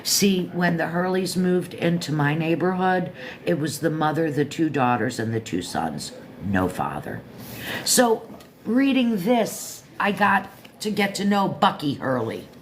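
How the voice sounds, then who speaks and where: An older woman from Florida with a low, deep voice, hosting her own show and chatting casually about a book, self-joking and talking straight to listeners. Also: expressive, unhurried, slight background noise. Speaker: show host reviewing a book. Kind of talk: casual rambling monologue.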